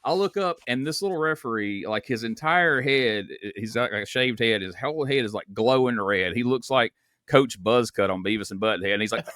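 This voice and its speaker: A podcast host, chatting casually and telling stories with laughs. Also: male voice, mid-range voice, normal speed, fairly bright tone, dry recording, clean studio sound. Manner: storytelling, laughs, swears casually. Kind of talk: casual chat.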